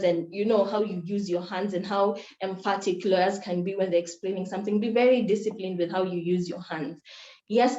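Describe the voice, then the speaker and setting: A young woman from Kenya teaches a workshop on moot court in an earnest, instructive way, circling back to repeat her main points. Her voice is mellow. The recording sounds roomy and a little muffled. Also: medium pitch. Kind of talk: workshop talk.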